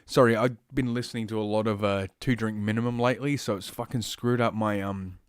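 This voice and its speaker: A man's voice: fairly low pitch, steady tone, fairly quick, clear, resonant tone, dry recording, clean studio sound. Rambling, sarcastic Australian man. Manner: rambling, profane, sarcastic, with frequent fillers and asides. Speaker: podcast host. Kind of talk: solo commentary reading news stories.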